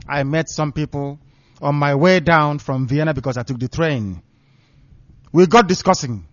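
A man's voice: fairly high pitch, no echo. A man broadcasting live on radio, talking in an emphatic, preaching declamation. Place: radio studio. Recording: dull, lo-fi dry studio sound.

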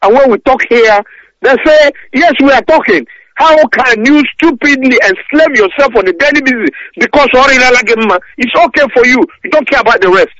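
A man's voice: extremely high pitch, normal speed, fairly bright tone, dry recording. A man calling in to a radio talk show, ranting angrily and stumbling over his words. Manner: angry, repetitive stammering rant. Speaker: caller. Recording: dull lo-fi phone-in audio.

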